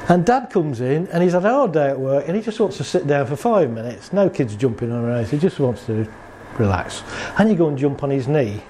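A man's voice: on the high side, very animated, fairly quick, hardly any pauses, mellow, a little hiss or hum. A man giving a chatty talk on anxiety to an audience, acting out little scenes and laughing along. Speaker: speaker on anxiety and relationships.

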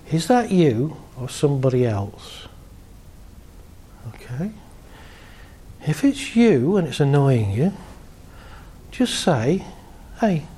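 A man working as a therapist, calmly guiding a group through a visualization exercise and laughing lightly between points. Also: on the high side.

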